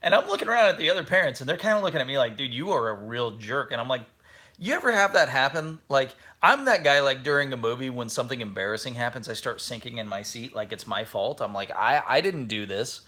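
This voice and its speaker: A man in his thirties, co-hosting a casual family travel chat and telling stories with lively acted-out quotes. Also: medium pitch, fast talker. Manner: animated storytelling, acts out quotes. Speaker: podcast co-host.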